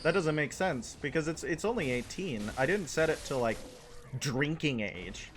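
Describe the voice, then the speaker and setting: A man streams a game and talks to his chat in an easygoing, joking way. His voice sits a little high and swings up and down a lot. He reacts to the game and answers viewer questions in plain casual speech. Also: animated, moderate pace, slight background noise.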